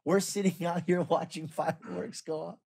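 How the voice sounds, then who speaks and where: Woman on a podcast, husky voice, laughs while telling a story. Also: fairly low pitch, normal speed. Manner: laughing, lively retelling with acted-out quotes. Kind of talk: casual storytelling chat.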